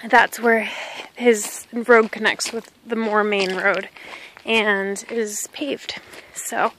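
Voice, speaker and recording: A woman's voice: medium pitch, pushed and bright, a little hiss or hum, rough recording. A woman, chatting casually on a walk outdoors and filming on a handheld phone. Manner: chatty and rambling, talks to her dog. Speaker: vlogger. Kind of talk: casual walking vlog. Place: outdoors on a country path. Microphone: handheld phone camera.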